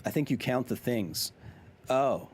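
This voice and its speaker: A man's voice: mid-range voice, expressive, a little slow, a little mellow, slight background noise. A man live-streaming a video game, chatting with his viewers in a jokey, casual way and reading in-game notes aloud.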